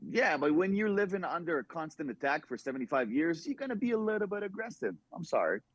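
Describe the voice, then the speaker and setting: A man's voice: fairly high pitch, sing-song, fast talker, no room sound. A man with an Israeli accent talking frankly and earnestly as an interview guest, with plenty of fillers. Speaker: comedian guest. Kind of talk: casual interview talk.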